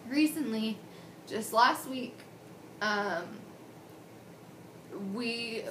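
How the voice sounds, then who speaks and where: A woman's voice: mid-range voice, moderate pace, a bit bright, echoey room, a little hiss or hum, low-quality recording. A woman in her twenties telling her own story in a personal video diary, candid and emotional, rambling with many restarts. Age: 20s. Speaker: patient sharing her surgery story.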